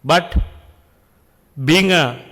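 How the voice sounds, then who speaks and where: A middle-aged man, giving an earnest, deliberate speech at an industry function and posing rhetorical questions. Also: fairly high pitch, pushed and bright, long reverb tail. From Sri Lanka. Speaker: public speaker addressing an industry function. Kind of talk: speech at an event. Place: function hall.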